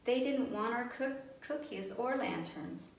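A woman voicing a big, gentle male bear, speaking earnestly in a storybook reading. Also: a little high, animated, unhurried, creaky, voice pushed up. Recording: roomy, distant, faint background noise.

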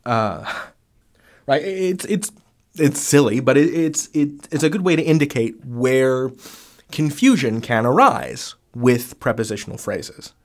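A man of middle pitch explains grammar in a loose, conversational way, recorded close to the mic as a voice-over. He sounds keen on his subject and keeps the talk informal, with plenty of fillers and restarts along the way. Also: lively intonation, measured pace. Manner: enthusiastic, with chatty fillers and restarts. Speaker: grammar teacher. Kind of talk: conversational lesson.

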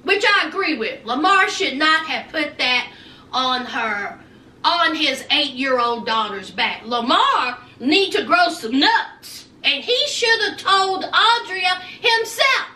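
A woman's voice: high voice, takes it slowly, roomy sound, recorded from a distance. A woman, casually recapping a reality show, acting out people's lines and using folksy slang. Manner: animated, acts out people's lines in voices; folksy slang, "honey", "child". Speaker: recap vlogger.

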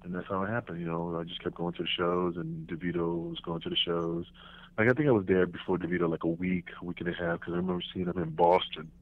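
A man, a former wrestler guesting on a podcast, telling stories in a lively, animated way and acting out the people in them. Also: low voice, fast, slight background noise. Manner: animated storyteller, acts out voices and laughs. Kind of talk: casual storytelling interview. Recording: tinny phone line.

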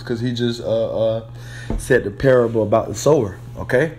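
A man's voice: medium pitch, fairly quick, a little mellow. A man preaching an informal lesson in a mid-range voice. He talks in loose street slang with blunt swearing, stumbles through frequent hesitations and repeated words, and keeps checking in with his listeners. A faint hum of room ambience sits under his voice. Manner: rambling, peppers phrases with "man" and "all right?". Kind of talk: informal sermon.

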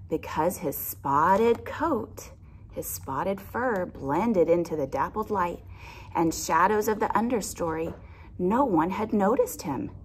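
A woman reading a picture book aloud to a young child, gently asking questions along the way. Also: fairly low pitch, lively intonation, slow, breathy edge. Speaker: storyteller for children.

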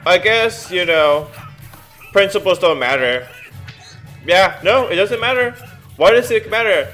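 Excitable young man narrating gameplay. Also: sits high, a little slow, faint music behind. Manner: excitable, reads game text aloud, groans and exclaims. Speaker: let's play gamer. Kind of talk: casual gameplay commentary.

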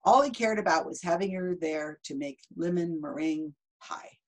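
A woman's voice: on the low side, moderate pace, rough recording. A woman in her fifties reading a children's book aloud, stopping for chatty asides about the pictures. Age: 50s. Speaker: storybook reader.

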